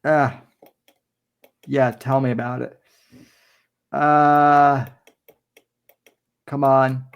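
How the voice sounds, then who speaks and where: A man's voice: mid-range voice, little pitch movement, very slow, gravelly, long pauses, clear, resonant tone, dull audio. A man hosting a casual online show, easygoing and hesitant, filling gaps with "uh". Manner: easygoing, hesitant, many fillers. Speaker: show host.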